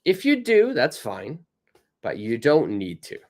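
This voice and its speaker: A North American man teaching English online at an unhurried pace. His voice rises and falls a lot as he models phrases. He sounds patient and encouraging, repeating each line for practice. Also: mid-range voice, huge pitch swings, darkish tone. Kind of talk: live online English lesson.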